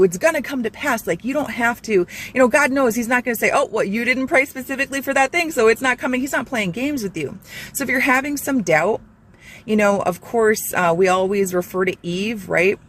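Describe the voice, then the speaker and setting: A woman's voice: mid-range voice, moderate pace, a little hiss or hum. A woman hosting a Christian channel, giving an earnest, rambling devotional talk full of fillers and restarts. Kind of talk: informal devotional talk to camera.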